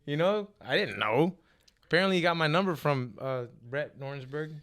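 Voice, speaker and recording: A man telling a story as a guest in a casual chat, animated and profane, acting out what others said. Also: fairly high pitch, normal speed.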